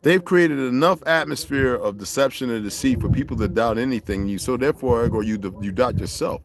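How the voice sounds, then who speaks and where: Male streamer, mid-pitched, swears constantly and lectures his chat, crowd noise underneath. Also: brisk, hardly any pauses. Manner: profane, preachy, confrontational; greets viewers by name. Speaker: livestream host. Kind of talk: livestream rant.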